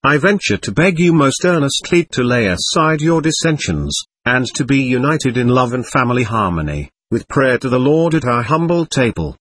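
A man voicing a courteous old monastery superior making an earnest plea, in a husky storybook reading. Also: medium pitch, animated, normal speed, hardly any pauses, a bit bright, no echo. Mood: welcoming.

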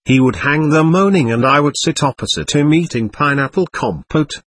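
A man voicing an excitable, capricious teenage girl, talking intensely and darting between teasing and pleading. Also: fairly high pitch, normal speed. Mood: feverish.

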